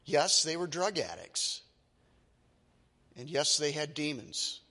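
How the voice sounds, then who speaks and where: A male pastor preaches with emphatic, dramatic storytelling, building to forceful peaks. His voice sits high and bright, and a long hall reverb trails behind every phrase. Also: animated, takes it slowly. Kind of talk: sermon.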